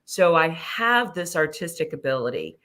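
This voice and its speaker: A middle-aged woman, a guest on an interview show, telling personal stories in an animated way, swearing freely and acting out conversations. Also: deep voice, normal speed. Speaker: guest, ascension teacher and hypnosis practitioner. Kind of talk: casual storytelling interview.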